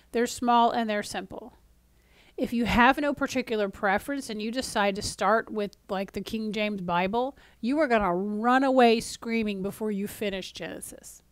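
A woman's voice: a little high, no room sound. Woman, spiritual teacher, casual talk to camera, fillers and restarts, dips into near-whispers, dry close sound. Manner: conversational, with frequent fillers and restarts, drops to near-whispers for emphasis; mock-exasperated voice when acting out a frustrated reader.

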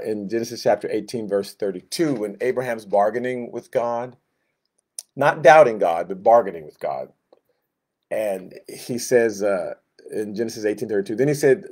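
A man teaching a Sunday school Bible class, animated, acting out dialogue with God in voices. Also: lowish voice, unhurried, long pauses.

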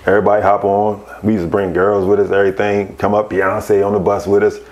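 A man, a podcast guest, telling casual stories, animated and laughing as he acts out other people's voices. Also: lowish voice, fast, muffled recording. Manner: animated, laughs through his anecdotes. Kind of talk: casual storytelling.

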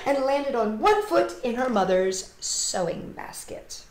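A woman and children's entertainer reading a picture book aloud, with animated storytelling and asides to the kids. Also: a little high, slow pace, few pauses. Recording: roomy echo.

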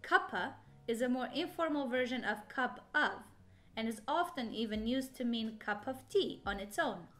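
A woman's voice: fairly high pitch, animated, normal speed, fairly bright tone. A young woman, chatting playfully as co-host and guessing aloud. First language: Portuguese. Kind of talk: casual chat. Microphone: handheld recorder.

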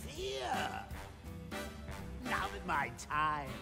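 An actor playing a crazed male lounge singer in a video game, singing a manic song broken by cackling laughter in a gravelly voice. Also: sits high, huge pitch swings, very slow, heavily acted. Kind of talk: sung musical number. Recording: loud backing music under vocals.

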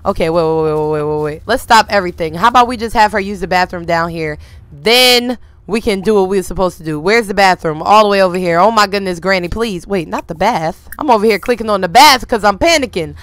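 Bright-voiced woman streamer, slangy and animated. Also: mid-range voice, fast talker. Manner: animated, slangy, talks to her viewers. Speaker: gaming streamer. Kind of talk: casual gameplay commentary.

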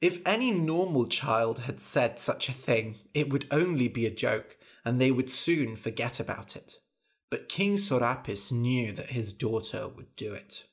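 A man narrating a simple storybook tale for language learners, clear and deliberate. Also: medium pitch, expressive.

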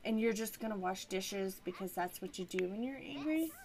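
A woman's voice: mid-range voice, lively intonation, normal speed, a little mellow. A woman narrating her life-sim gameplay in an effusive, doting way with lots of exclamations. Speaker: gaming vlogger. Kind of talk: game commentary. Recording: music playing behind.

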